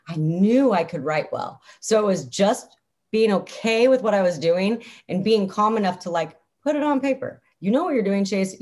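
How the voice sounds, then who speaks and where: A woman's voice: mid-range voice, darkish tone. A young adult woman, a guest in an interview, talking casually in an upbeat, chatty way, full of "like" fillers.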